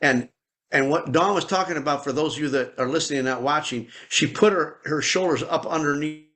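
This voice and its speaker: Bright-voiced man hosting a podcast. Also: fairly high pitch, brisk. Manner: affirming, explains to listeners. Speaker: podcast host. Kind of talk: podcast interview.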